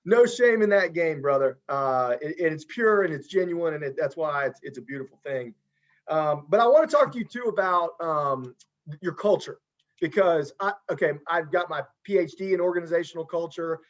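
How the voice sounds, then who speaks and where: A man's voice: a little high, animated, normal speed, muffled recording. A man hosting a casual podcast interview as a football coach, earnest and encouraging, often restarting his sentences.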